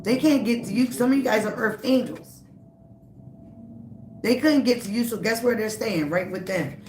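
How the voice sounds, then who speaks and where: A woman's voice: on the high side, moderate pace, a little mellow. A woman giving a live-streamed tarot reading. She talks emphatically and repeats herself, speaking straight to the viewer. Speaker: tarot reader. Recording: roomy, noisy background.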